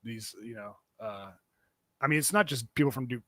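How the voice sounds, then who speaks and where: Man, podcast host, loose rambling banter, medium pitch, dry close-miked sound. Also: moderate pace, fairly bright tone, dry recording. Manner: rambling, many fillers and restarts.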